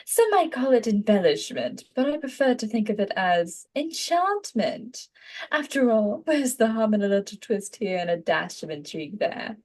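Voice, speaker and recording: A woman's voice: medium pitch, very animated, moderate pace, a little mellow. A woman voicing a smug, gossiping female society reporter in a theatrical, self-satisfied, purring manner during a voice acting practice read.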